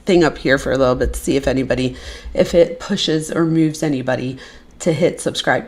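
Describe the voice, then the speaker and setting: A woman's voice: deep voice, normal speed, darkish tone. A woman hosting a live stream in casual chat, effusive and chatty with viewers.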